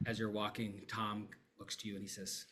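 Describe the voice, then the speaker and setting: Relaxed man narrating a tabletop game. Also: lowish voice, measured pace. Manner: relaxed, filler-heavy narration. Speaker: game master. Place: streaming setup, live online.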